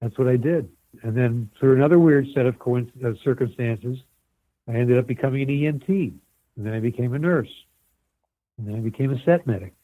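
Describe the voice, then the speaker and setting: A man's voice: mid-range voice, a little fast, no room sound. Older man telling stories over a tinny line. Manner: rambling animated storyteller with many restarts. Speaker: guest, set medic and former extra. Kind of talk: casual storytelling interview.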